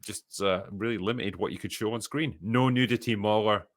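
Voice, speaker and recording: A man's voice: lowish voice, normal speed, no echo. A Scottish man hosting a casual podcast, reading viewer messages aloud and answering with dry, profane, sardonic remarks. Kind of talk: casual chat.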